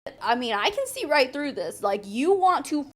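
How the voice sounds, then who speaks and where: Sarcastic high-voiced woman doing commentary. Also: big pitch swings, normal speed, a bit bright. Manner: sarcastic, blunt, swears often. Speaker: commentary YouTuber. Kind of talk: casual commentary.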